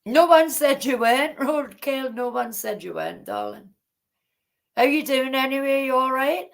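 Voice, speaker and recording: A woman's voice: sits high, very animated, moderate pace. A woman with a Geordie accent hosting a casual livestream chat, chatty, affectionate and teasing. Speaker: livestream host.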